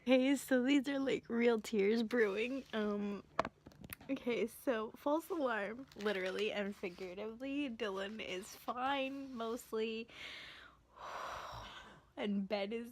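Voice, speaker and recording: A young woman's voice, a little high and slow-paced, with a faint hiss or hum behind it. She's casually vlogging about a book she's reading, gushing, emotional and often breathless. The setting could be a bus, her home, or a staff room.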